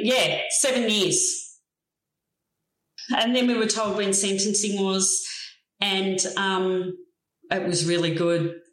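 A middle-aged Australian woman, a guest telling her own story in a frank, plain-spoken and steady way. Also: medium pitch. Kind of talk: personal story in a conversation. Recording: roomy echo.

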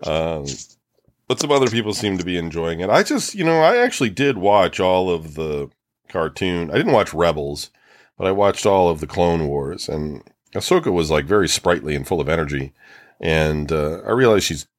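Deep-voiced man, lively laid-back chat. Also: moderate pace, dry recording. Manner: laid-back, swearing, lots of fillers like "right" and "like". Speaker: podcast co-host. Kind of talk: casual chat.

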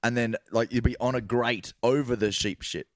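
Chatty podcast co-host. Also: male voice, medium pitch, normal speed, no room sound, studio quality. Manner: chatty, jokey, relaxed storyteller. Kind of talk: casual podcast chat.

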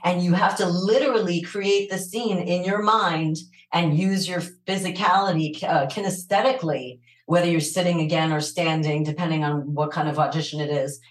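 A woman with a New York accent and a low, raspy voice, chatting animatedly as an interview guest and laughing often. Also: fairly even intonation, normal speed, few pauses, echoey room, poor audio. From New York City. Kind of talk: casual interview chat.

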